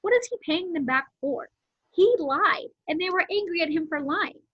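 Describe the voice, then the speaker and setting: A woman reading a novel aloud, pausing to explain words and events in simple terms. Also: extremely high pitch, lively intonation, no echo. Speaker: read-aloud narrator. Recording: dull lo-fi home recording.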